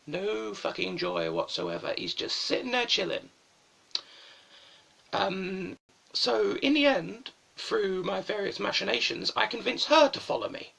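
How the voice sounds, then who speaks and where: A man's voice: very high-pitched, big pitch swings, moderate pace, creaky, fairly bright tone. A young man rambling through stories on a live stream, swearing often and mocking himself.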